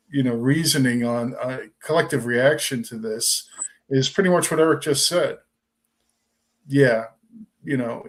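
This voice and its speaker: Man, sports podcast co-host, mid pitch, measured, reasoned delivery. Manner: measured, lays out arguments step by step. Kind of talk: casual sports talk. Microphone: remote call over a livestream.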